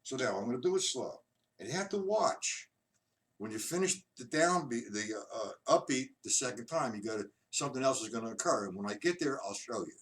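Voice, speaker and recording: A man teaches drums on a live stream, his animated, mid-range voice slowly and patiently counting beats, demonstrating rhythms, and explaining each drill. The audio comes from a distant mic with heavy noise.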